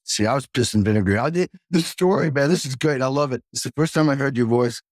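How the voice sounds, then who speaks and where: A man hosting a casual chat, an animated storyteller who acts out the voices in his anecdotes. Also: mid-range voice, quick pace, no room sound, clean studio sound. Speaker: host, session drummer.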